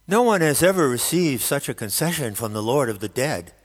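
A man's voice: mid-range voice, sing-song, fairly quick, voice pushed up. A man voicing a grave, solemn male lord of the dead in an audiobook, announcing with weight, with a long reverb on the recording.

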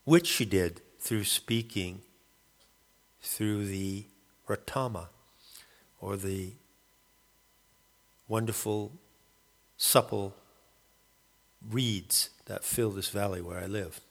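A man calling himself a shaman, rambling through a halting spoken monologue and often searching for the right word. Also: lowish voice, long reverb tail. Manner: halting, searching for words, many restarts. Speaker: self-described shaman.

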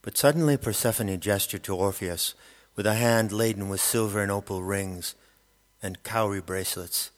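A man narrating an audiobook in a steady, measured storytelling manner. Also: on the low side. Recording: long hall reverb.

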